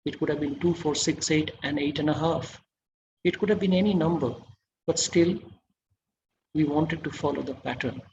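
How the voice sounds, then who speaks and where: A man's voice: on the high side, moderate pace, muffled recording, noisy background. A man giving an online masterclass lecture, quizzing his audience and praising their answers.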